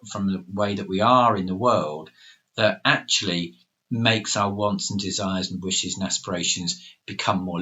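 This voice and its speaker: A middle-aged man co-hosting a podcast, thinking aloud with many pauses and fillers. His voice is lowish and bright-edged. The recording sounds dull and lo-fi. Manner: thoughtful, hesitant, many fillers. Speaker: podcast co-host, coach. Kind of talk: reflective podcast discussion.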